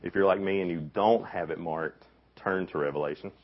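Deep-voiced man preaching to youth. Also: brisk. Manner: animated storytelling, acts out quotes. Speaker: youth camp speaker. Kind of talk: casual youth sermon. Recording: dull lo-fi recording.

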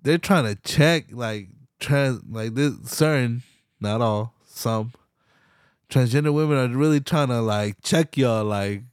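Young male podcast host, profane and animated, mid-pitched voice, dry close mic. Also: a little slow, clean tone, no echo. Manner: profane, animated, slangy, laughs often. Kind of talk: casual solo podcast rant.

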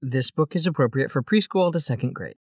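A man's voice: mid-range voice, animated, fairly quick, a bit bright, husky, no room sound. A man from Colombia co-hosting a podcast, chatting casually with dry, teasing asides. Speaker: podcast co-host. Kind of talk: casual chat.

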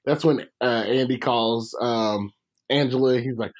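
A man in casual chat, laughing a lot and quoting sitcom lines with animated delivery. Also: medium pitch, unhurried.

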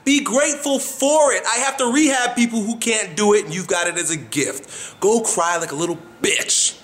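A man's voice: high voice, normal speed, fairly bright tone. A man giving frank, profane coaching talk about the body, blunt and demonstrative.

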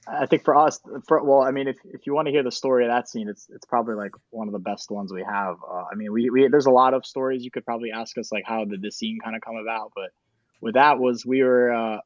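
Fast rambling male guest, dull dry mic sound, many restarts. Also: mid-range voice, no echo. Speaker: documentary filmmaker guest. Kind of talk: casual interview storytelling.

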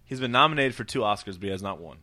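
Bright-voiced man in blunt podcast banter. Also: on the low side, animated, very fast. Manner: blunt, joking, profane. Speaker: podcast co-host. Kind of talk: casual chat.

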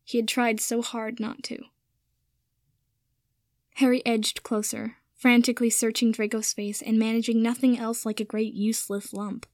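A woman narrating a story in a steady, even reading voice. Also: on the high side, moderate pace, dry recording, clean studio sound. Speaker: reader. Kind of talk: audiobook-style story narration.

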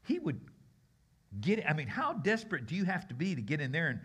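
A male guest preacher tells the story with lots of animation, his voice rising and falling over a wide range. His tone is bright and forceful, and he talks in a casual, conversational way, moving from loud bursts to hushed asides. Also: on the high side, fairly quick, breathy edge. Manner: expressive, conversational, swings between loud and hushed.

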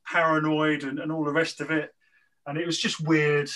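A man's voice: a little high, normal speed, rough recording. A man telling a long, rambling anecdote in casual chat. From southern England. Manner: rambling, animated, lots of fillers. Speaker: guest telling a story.

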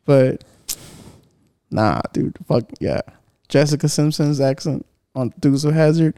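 A man's voice: fairly high pitch, slow, noisy background. A young man chatting casually with friends, slangy and swearing, switching between English and Spanish.

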